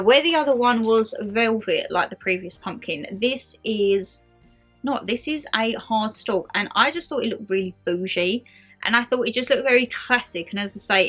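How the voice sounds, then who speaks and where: A woman's voice: fairly high pitch, a bit bright. A woman chatting her way through a shopping haul in a bubbly, rambling, gushing manner. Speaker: lifestyle vlogger showing a shopping haul.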